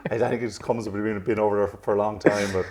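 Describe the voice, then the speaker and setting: A man's voice: lowish voice, flat delivery, very fast, a crowd in the background. A man with an Irish accent tinged with American, chatting casually as an interview guest and rambling through his stories with plenty of restarts. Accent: Irish with some American drift. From Ireland. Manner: rambling, self-correcting, chuckles at himself. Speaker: professional golfer, guest.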